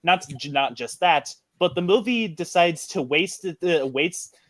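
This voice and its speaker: A man's voice: high-pitched, animated, slow, a bit bright, no room sound. A man hosting a podcast in casual chat, rambling with many fillers and restarts. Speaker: podcast host.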